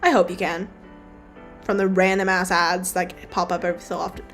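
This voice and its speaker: A young woman streaming as a digital artist talks casually through her drawing, rambling offhandedly and dropping the odd swear word. Her voice is lowish, a bit bright, flat and slightly fast, with faint music in the background.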